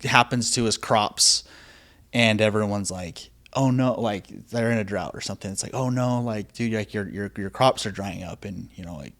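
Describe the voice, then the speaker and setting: A man's voice: fairly low pitch, moderate pace, a bit bright. A man in his thirties hosting a casual interview, talking loosely with lots of "dude" and "like". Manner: casual, says "dude" and "like" a lot. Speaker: podcast host.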